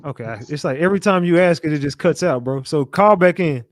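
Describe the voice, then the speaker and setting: A man's voice: a little high, fast, dry recording, studio quality. Blunt, cursing man hosting a call-in stream. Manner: blunt, profane, thinks aloud. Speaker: show host. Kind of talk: casual live-stream talk with callers.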